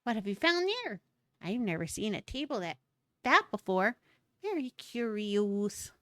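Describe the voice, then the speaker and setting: A woman's voice: medium pitch, very animated, unhurried, fairly bright tone, no echo, studio quality, pitched below the performer's own voice. A woman voicing a bubbly little monster that mangles words playfully, reading game dialogue. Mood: curious.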